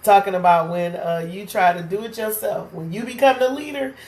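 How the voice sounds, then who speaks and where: A woman's voice: mid-range voice, fairly quick, darkish tone, roomy sound. A woman teaching a casual Bible study, talking conversationally and often checking in with "right?". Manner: conversational, keeps asking "right?".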